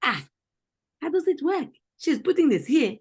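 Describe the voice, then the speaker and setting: A pushy interrogator with a thick put-on foreign accent and broken English fires off questions in a high, loud voice, as a woman fakes her. The tone is comic and overbearing. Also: big pitch swings, moderate pace. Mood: mocking.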